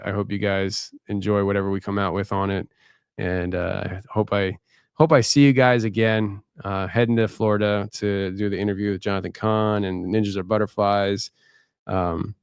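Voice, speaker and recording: A tired man signs off a late-night live show. He rambles and stops to restart his thoughts. His voice is low and smooth, and the sound is close and dry. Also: dry recording. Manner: rambling, halting, candid. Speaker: podcast host.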